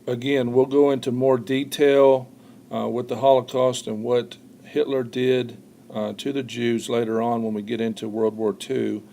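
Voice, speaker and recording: Gravelly-voiced man giving a history lecture. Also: mid-range voice, level tone, normal speed, mellow. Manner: explanatory, frequent "uh" fillers, repeats words. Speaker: history teacher. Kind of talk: recorded classroom lecture.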